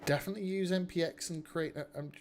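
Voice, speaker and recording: A man's voice: high voice, steady tone, quick pace, soft background music. A man hosting a casual live coding stream, rambling, chatting with viewers and poking fun at himself. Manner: rambling, self-mocking, talks to chat.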